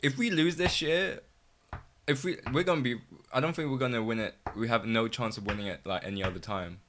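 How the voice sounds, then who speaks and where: A young man chatting casually about football on a podcast, animated, swearing and laughing often. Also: mid-range voice, brisk, a little hiss or hum. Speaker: podcast co-host.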